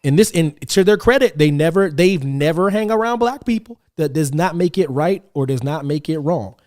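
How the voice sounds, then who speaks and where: A man hosting a podcast, chatting casually and telling animated stories with acted-out quotes. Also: on the high side, moderate pace. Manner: animated storytelling, acts out quotes. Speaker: podcast host.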